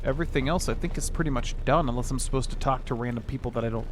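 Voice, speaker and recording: A man's voice: medium pitch, racing, hardly any pauses, slight background noise. A man streaming a video game, talking in a casual, rambling way and humming filler syllables while he plays. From United States. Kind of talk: let's play commentary.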